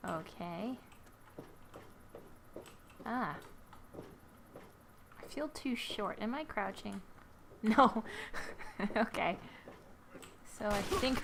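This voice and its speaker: Here a gamer gives casual let's-play commentary in a medium-pitched, creaky, bright voice with a forceful tone, over a slight hiss or hum. She keeps giggling and murmuring flustered jabs at herself while she plays.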